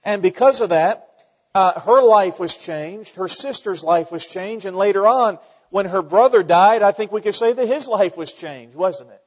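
A man preaching a sermon as pastor, earnest and halting, with many fillers and restarts. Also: sits high, expressive, husky. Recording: dull sound with long hall reverb.

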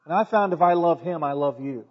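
A man's voice: a little high, fairly quick, dull audio. A middle-aged man preaching a sermon in a church, folksy in tone, building emphasis and quoting scripture. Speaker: pastor.

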